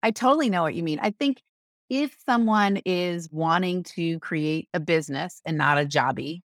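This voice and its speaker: A woman business coach talking as a podcast guest, animated, acting out quick voices and often asking "right?". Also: lowish voice, dry recording, clean studio sound. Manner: animated, acts out voices, asks rhetorical "right?". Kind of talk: podcast interview.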